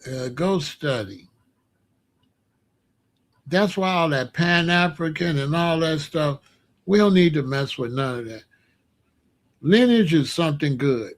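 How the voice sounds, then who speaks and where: A man giving casual, mocking online commentary in an animated way, often laughing and coming back to the same catchphrase. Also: on the high side, gravelly.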